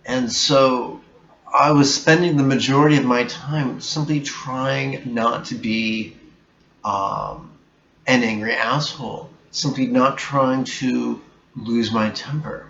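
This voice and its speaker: A man giving a reflective spiritual talk as a meditation teacher, slow, deliberate and bluntly emphatic. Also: mid-range voice, fairly even intonation, vocal fry, fairly bright tone. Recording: echoey room, dull sound, faint hiss.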